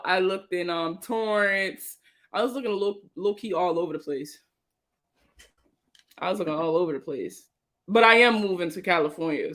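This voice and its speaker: On her casual money livestream, a young Baltimore financial educator replies to comments, greets viewers by name, and keeps things slangy and relaxed in her local accent. Her voice is mid-range and slightly bright.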